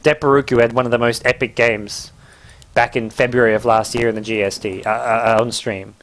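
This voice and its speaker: A young man with an English accent giving live, joking play-by-play commentary on a video game, his pitch jumping up at big moments. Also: brisk. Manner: excitable, jokey play-by-play with sudden rises in pitch.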